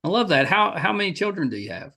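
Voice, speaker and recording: A man's voice: high voice, very animated, quick pace, gravelly, sharp tone. A middle-aged man with a West Virginia accent hosting a podcast interview, enthusiastic, with frequent restarts. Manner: enthusiastic, repeats and restarts often. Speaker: podcast host. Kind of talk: casual interview chat.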